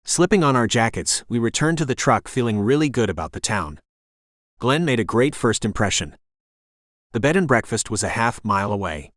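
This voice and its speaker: A man's voice: mid-range voice, big pitch swings, normal speed, fairly bright tone, dry recording. Male audiobook narrator, dry close sound. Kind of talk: first-person romance audiobook narration.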